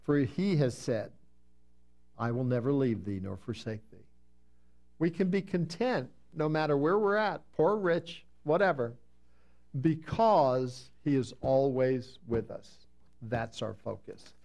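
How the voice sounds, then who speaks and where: A man's voice: mid-range voice, expressive, vocal fry, a little mellow. Man preaching, emphatic Bible teaching. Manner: reads scripture slowly with emphasis, then explains conversationally. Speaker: pastor.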